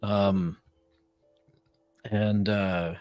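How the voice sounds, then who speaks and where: A man's voice: fairly low pitch, flat delivery, drawn-out words, a little mellow, smooth, faint music behind. A man playing a tabletop game, describing his moves hesitantly while thinking aloud. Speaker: player. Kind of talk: casual game talk.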